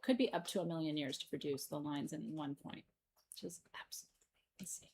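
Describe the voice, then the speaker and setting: A woman's voice: sits low, quick pace, very noisy. Giggly woman hosting a live gem sale. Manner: playful, giggly, jokey. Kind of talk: live-stream sales chat.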